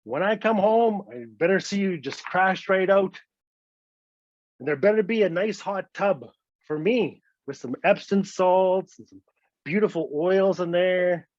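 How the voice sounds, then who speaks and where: A stern, fed-up wife, as a male storyteller puts her on, lays down the law in slow, firm warnings. The recording is dull and lo-fi, with a dry, close sound. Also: high-pitched, expressive, darkish tone, no room sound. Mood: commanding. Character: stern, fed-up Northern wife, adult woman.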